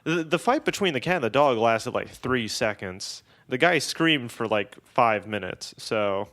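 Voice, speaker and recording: A man's voice: medium pitch, unhurried. A man co-hosting a podcast, telling a travel story in casual chat, swearing and laughing often. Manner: animated, profane, laughs often. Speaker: podcast co-host.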